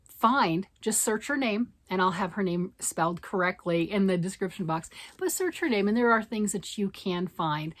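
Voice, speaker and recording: A middle-aged American woman chatting enthusiastically to camera in a knitting vlog, with lots of fillers and restarts. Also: on the low side. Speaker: knitting vlogger. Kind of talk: casual chat to camera.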